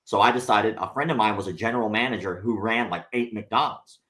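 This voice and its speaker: A man telling a story on a podcast in casual chat, animated and profane, acting out the people he quotes. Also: on the low side, a little fast. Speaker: podcast guest.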